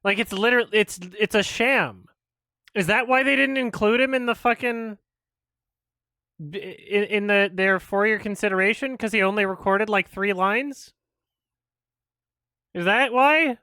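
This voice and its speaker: A man's voice: sits high, a little slow, pauses often, pushed and bright, clean tone, dry recording. A man giving exasperated, swearing stream commentary as a film critic, laughing often.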